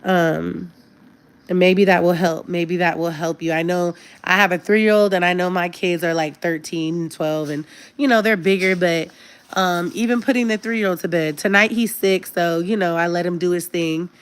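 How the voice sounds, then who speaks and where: A woman in her thirties talks straight to her live-stream viewers in a relaxed, conversational way. Her voice sits on the low side, and her tone is earnest and candid. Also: moderate pace, clear, resonant tone. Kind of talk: casual live-stream chat.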